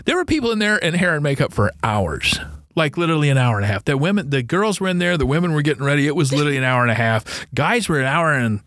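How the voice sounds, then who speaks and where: A man's voice: on the high side, very animated, quick pace, a bit bright, no room sound, studio quality. A man telling a funny story in casual chat as a podcast guest, laughing and acting out voices. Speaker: guest musician.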